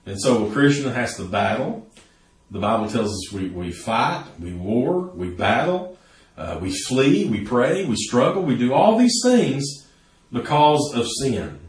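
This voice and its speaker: A man's voice: mid-range voice, big pitch swings, unhurried, reverberant, recorded from a distance. A man preaching a sermon earnestly, building to emphatic peaks. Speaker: pastor.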